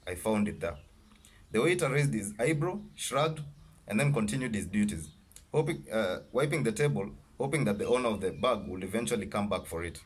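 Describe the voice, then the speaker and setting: A man reading his own novel aloud, halting and correcting himself as he goes. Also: lowish voice, expressive, breathy edge. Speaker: author.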